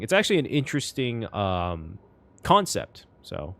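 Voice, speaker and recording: A man reacting to a game story, reading lines aloud and thinking out loud with many restarts. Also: fairly low pitch, sing-song, normal speed. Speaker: reaction content creator.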